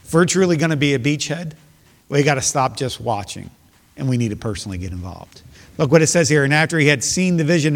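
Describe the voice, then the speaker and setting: Pastor type, male, fairly high voice, earnest emphatic sermon delivery, long reverb behind. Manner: earnest, emphatic preaching with repeated phrases.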